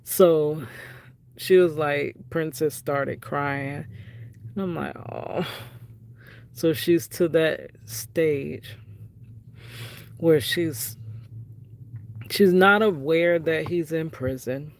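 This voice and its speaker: A middle-aged woman telling a casual vlog story with a gravelly, creaky voice. She talks at a slow, unhurried pace. She is frank and conversational, retelling exchanges with her family. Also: sits low. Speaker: vlogger, prison wife.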